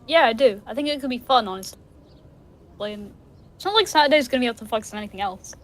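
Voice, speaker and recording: An easygoing young woman with a British accent, speaking in a relaxed, matter-of-fact way, as a woman reads her lines in a game. The pace is quick and the voice slightly high. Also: close to an everyday voice. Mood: calm.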